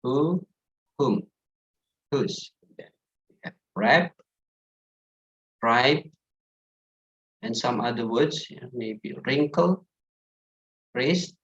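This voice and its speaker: A man's voice: mid-range voice, expressive, extremely slow, pauses often, a bit bright, dull audio. A young man with an Indonesian accent teaching English pronunciation in an online class, saying each word again and again to contrast the right and wrong ways.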